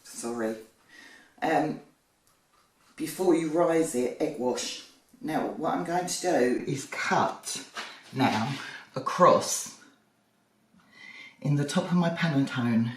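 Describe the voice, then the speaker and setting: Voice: mid-range voice, takes it slowly, long pauses. A home baker demonstrating a recipe in a kitchen, chatting and poking fun at their own mistakes with the odd um. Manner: chatty and self-deprecating, thinking aloud with ums. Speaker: home baking presenter. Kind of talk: casual cooking demonstration. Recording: roomy kitchen, mic at a distance.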